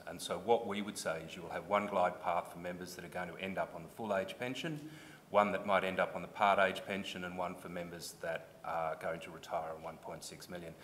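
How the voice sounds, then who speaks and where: A man's voice: sits low, a bit bright, a little hiss or hum. An Australian man giving formal testimony at a public hearing, earnest and explanatory, restarting when pressed.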